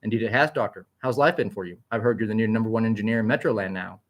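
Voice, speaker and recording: A man voicing a kindly, mature gentleman who speaks in a measured, dry way. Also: lowish voice, lightly acted.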